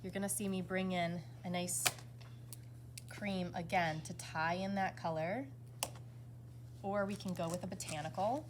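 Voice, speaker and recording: A woman with a somewhat low voice walks through fabric options in an enthusiastic, easygoing way. She sounds like a product presenter. A faint hum of ambience sits behind her. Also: unhurried, long pauses. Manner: enthusiastic, relaxed, showing fabric swatches. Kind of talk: product walkthrough.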